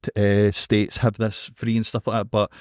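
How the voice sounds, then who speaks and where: A man with a Scottish accent co-hosting a podcast, telling a story in an animated, sweary way and checking in with "right?". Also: fairly low pitch, moderate pace, clean tone, dry recording, clean studio sound. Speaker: podcast co-host. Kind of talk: casual chat.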